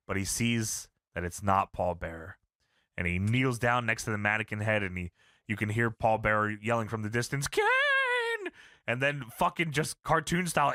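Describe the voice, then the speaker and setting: A man's voice: medium pitch, dry recording, clean studio sound. A man co-hosting a podcast, telling a wrestling recap in a casual, profane, laughing way. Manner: animated, profane, laughing storyteller. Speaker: podcast co-host.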